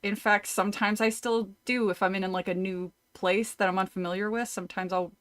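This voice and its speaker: A woman's voice: mid-range voice, fairly even intonation, fairly quick. A woman streamer reading a horror novel aloud, often breaking off to chat, laugh and swear casually. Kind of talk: casual read-through with chat.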